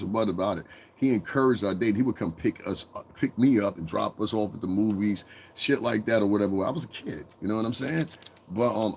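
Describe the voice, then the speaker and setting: A man's voice: on the low side, creaky, slight background noise. A man from Connecticut hosting a casual commentary monologue, profane and rambling, breaking into mocking impressions. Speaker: commentary channel host.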